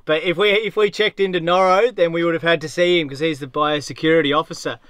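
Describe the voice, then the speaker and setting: A young man and sailing vlogger telling a story in a casual, animated way, leaning on "like" a lot. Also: on the high side, fast talker, slight background noise. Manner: animated, chatty, heavy use of "like".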